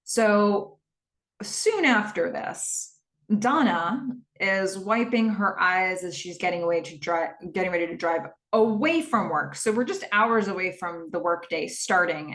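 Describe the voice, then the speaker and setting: A woman's voice: fairly low pitch, a little slow, fairly bright tone, roomy sound. A woman hosting a podcast, casually retelling a TV episode scene by scene and quoting the characters as she goes. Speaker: podcast host.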